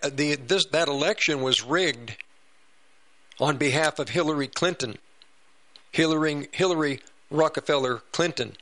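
A man's voice: fairly high pitch, bright, forceful tone. A man hosting a political talk radio show, rambling and repeating himself as he comments.

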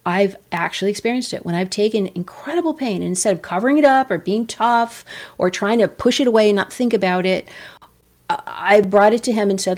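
A woman giving a casual devotional talk as host, earnest, often dropping to soft whispers as she acts out pain. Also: medium pitch, creaky.

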